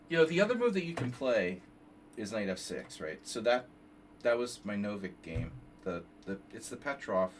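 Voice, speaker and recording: A man in his fifties streaming casual chess analysis, rambling off on tangents while he reads moves aloud. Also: on the low side. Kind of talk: casual live game analysis. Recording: slightly distant mic, faint background noise.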